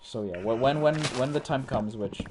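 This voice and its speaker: A man's voice: medium pitch, normal speed, background noise. A man hosting a livestream, chatting casually and rambling with frequent restarts and laughs. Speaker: streamer host.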